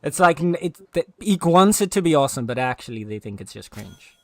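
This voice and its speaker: A man's voice: on the high side, very animated, brisk, dry recording, clean studio sound. A man with a South African accent, a streamer chatting playfully and laughing often with friends while gaming. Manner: giggly, eager, pleading playfully. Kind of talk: casual chat over voice call while gaming.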